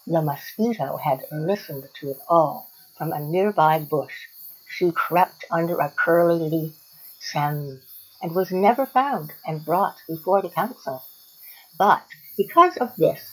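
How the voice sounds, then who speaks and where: A woman with a slightly low voice reads a storybook aloud for a library radio program. Her delivery is expressive and lively, hosting the show. A faint cricket-like chirp sits behind her. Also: husky, rough recording. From Canada.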